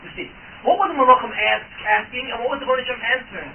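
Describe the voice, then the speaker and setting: A rabbi giving a Torah class to a live audience, firing questions at the room and answering them himself. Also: male voice, very high voice, rapid-fire, slight background noise. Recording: tinny, distant, lo-fi class recording.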